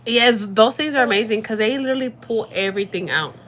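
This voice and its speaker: A young woman chatting casually on a livestream from home at night, animated and slangy, talking straight to her viewers. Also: on the high side, fast talker, a little hiss or hum. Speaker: livestream host.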